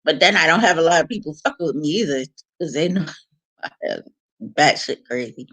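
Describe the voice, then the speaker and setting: A woman vlogging casual family stories, laughing often and tripping over restarts. Her pitch swings widely and keeps the talk lively. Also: brisk, lo-fi sound. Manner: animated, laughing, frank and rambling with restarts. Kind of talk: casual storytelling.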